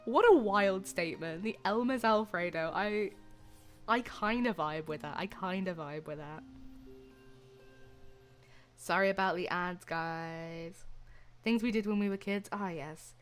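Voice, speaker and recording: A woman's voice: on the low side, measured pace, long pauses, faint music behind. A young woman chatting playfully with her stream viewers, rambling and giggling. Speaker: livestreamer. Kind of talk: casual chat with viewers.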